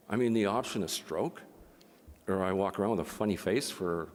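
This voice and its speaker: Speaking quickly in a low register, an older man from Canada moderates a conference talk. He tells a personal story, then turns to an impassioned appeal, his words a little slurred by facial palsy. Long reverb from the large conference hall fills the recording.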